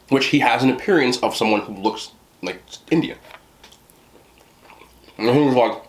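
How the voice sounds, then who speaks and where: A man's voice: mid-range voice, normal speed, pauses often. An American man in casual storytelling to the camera, talking in a rambling way with many fillers and restarts. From United States. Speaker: food vlogger.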